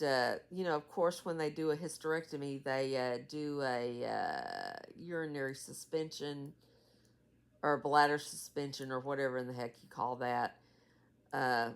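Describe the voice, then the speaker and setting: A woman in her sixties giving a rambling, tired casual vlog update as her mother's caregiver. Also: deep voice. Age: 60s. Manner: rambling, many fillers and trailing asides. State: tired, yawning.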